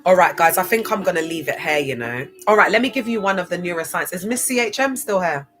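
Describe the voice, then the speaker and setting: A woman's voice: lowish voice, animated, quick pace, a bit bright. Woman, casual livestream host, chatty, laughs a lot, faint music underneath. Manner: chatty, laughs often, spells out words.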